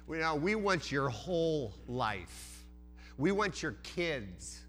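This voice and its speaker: A man's voice: on the high side, big pitch swings, takes it slowly, a bit bright, faint music behind. A man preaching a sermon as pastor, earnest, with frequent restarts and repeated words.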